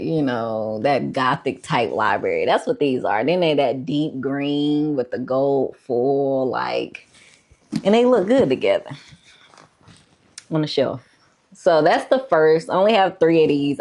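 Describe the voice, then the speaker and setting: A woman vlogger with a bass voice talks about her book collection at a measured pace, her tone darkish. She's laid-back and chatty in this casual show-and-tell, using lots of fillers and the occasional "y'all," and she's a bit out of breath.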